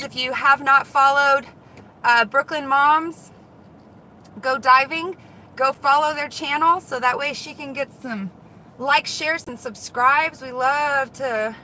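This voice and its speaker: A high-pitched woman, a vlog host and dumpster diver, chats excitedly with her live-stream viewers while moving between store parking lots and her car. She talks casually and reacts quickly. Her rough phone recording has loud car and street noise underneath.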